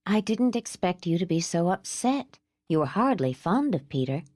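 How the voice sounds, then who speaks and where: A gentle young mother, numb inside, voiced by a female narrator, speaks quietly and evenly in a lowish voice. Every word is measured and composed. The audiobook sound is dry and close. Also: sing-song, no room sound. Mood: calm.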